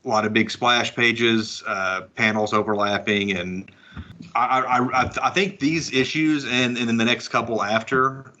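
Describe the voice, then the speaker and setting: A man's voice: mid-range voice, fairly even intonation, unhurried, bright, forceful tone, a little hiss or hum. A man co-hosting a comics podcast, chatting casually and musing aloud, hedging often as he thinks things through. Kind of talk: casual chat.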